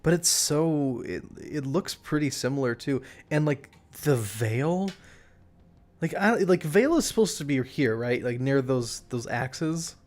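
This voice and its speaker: A man's voice: mid-range voice, expressive, a little slow, darkish tone. Rambling casual male streamer. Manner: rambling, restarts, laughs at himself. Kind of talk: casual live-stream chat.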